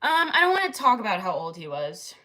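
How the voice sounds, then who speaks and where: A woman's voice: mid-range voice, big pitch swings, brisk, sharp tone. A young woman livestreaming, chatting casually with many fillers and frequent laughs. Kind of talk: casual live-stream chat.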